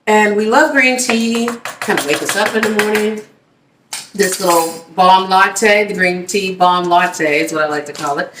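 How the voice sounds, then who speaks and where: A woman's voice: mid-range voice, fairly bright tone, a little hiss or hum. A woman hosting a casual cooking demo, chatty and upbeat, talking straight to her viewers. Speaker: cooking video host. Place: home kitchen. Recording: echoey room, mic at a distance.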